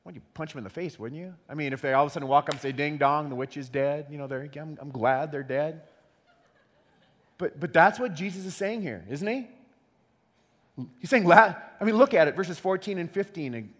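A man preaching a sermon in an animated way, repeating words as he acts out quotes. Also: on the high side, quick pace. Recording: long hall reverb.

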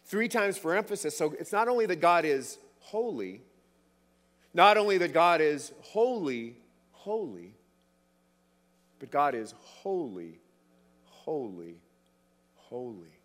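A man's voice: a little high, very animated, unhurried, pauses often, fairly bright tone, in a large hall. A man preaching a sermon, emphatic, repeating words for stress.

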